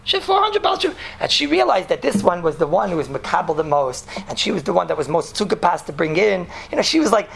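A man teaching a Torah class as a rabbi, animated and joking, sprinkling his talk with Yiddish and Hebrew terms. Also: high voice, fast, vocal fry, hardly any pauses, husky. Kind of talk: lively Torah lecture.

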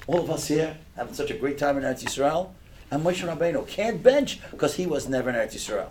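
An older man giving a sermon through stories, swinging from hushed storytelling to loud, impassioned preaching. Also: on the high side, lively intonation, fast talker, slight background noise.

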